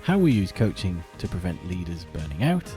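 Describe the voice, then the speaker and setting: A man's voice: low-pitched, a little fast, faint music behind. A man co-hosting a podcast, reading the show intro and then joking with the guest. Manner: lively, joking. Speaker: podcast co-host. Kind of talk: scripted intro, then casual interview chat.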